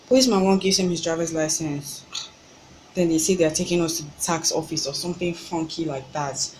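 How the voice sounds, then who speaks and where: Young woman, Nigerian accent, lowish voice, animated exasperated storytelling, ranting vlog. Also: brisk, a little hiss or hum, rough recording. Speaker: vlogger.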